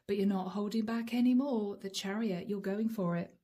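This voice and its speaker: A hoarse woman giving a channeled tarot reading, musing aloud and speaking straight to viewers by star-sign nickname. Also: medium pitch, normal speed, warm tone. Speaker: tarot reader.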